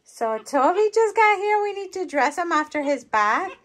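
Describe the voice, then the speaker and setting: A woman's voice: very high-pitched, sing-song, moderate pace, a bit bright. A woman vlogging at home, chatting casually and cooing in baby talk to her pet monkeys. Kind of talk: casual vlog chat.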